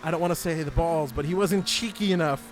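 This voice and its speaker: High-ish guy hyping up a sim race, jokey and excitable, loud car engine noise behind. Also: fairly quick. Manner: excitable, joking, laughs often. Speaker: sim racing commentator. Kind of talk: live race commentary.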